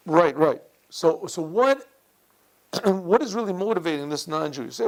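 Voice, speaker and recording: A rabbi gives a Torah class in a yeshiva classroom, a man's gravelly voice sitting fairly high. He circles back on his own phrases and keeps clearing his throat as he explains. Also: animated, moderate pace, poor audio.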